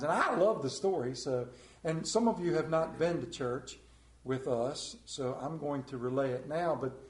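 A man preaching a sermon, telling stories in a folksy way and dropping to a hush for quoted lines. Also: high-pitched, echoey room. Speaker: pastor. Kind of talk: storytelling sermon.

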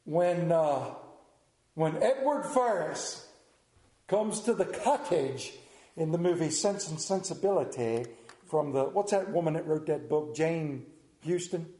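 A middle-aged man with a rural Southern American accent preaching a sermon, telling stories in a folksy, animated way with sudden quiet drops. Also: on the high side, takes it slowly, reverberant.

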